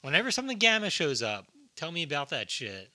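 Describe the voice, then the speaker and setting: Bright-voiced man, loose and joking. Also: on the high side, huge pitch swings, fast. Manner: loose, swears a lot, jokey comparisons. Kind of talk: casual movie discussion.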